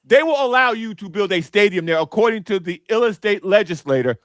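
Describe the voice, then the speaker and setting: A man from Chicago on a sports podcast, telling a story in a lively, mocking way and doing little impressions of people. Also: sits high, quick pace, no echo, clean studio sound. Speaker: podcast panelist. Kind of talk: casual sports chat.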